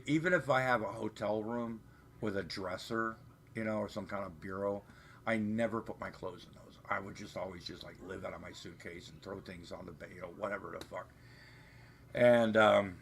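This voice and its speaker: A man's voice: on the low side, creaky, a bit bright, a little hiss or hum. A man hosting a livestream from home, chatting in a rambling, profane, meandering way. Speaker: livestream host. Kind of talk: rambling live-stream chat. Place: home, off camera.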